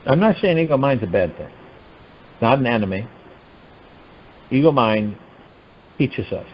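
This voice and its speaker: A man hosting a meditation call, giving a spiritual teaching talk in an animated, musing way full of rhetorical questions. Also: mid-range voice, normal speed, muffled recording, a little hiss or hum. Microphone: telephone conference line.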